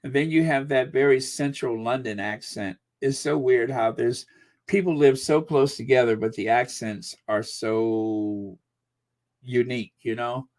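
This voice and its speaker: Slow, musing male stream host. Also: mid-range voice, a little mellow. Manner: unhurried, musing, with frequent fillers and restarts. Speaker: channel host reading viewer comments. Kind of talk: casual live-stream chat.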